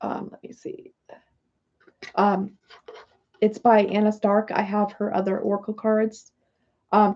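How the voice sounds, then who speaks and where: A woman hosting a livestream of oracle card readings chats casually in a rambling, apologetic way. Her mid-range voice is mellow and dark with a gravelly fry, heard through a somewhat dull, lo-fi recording.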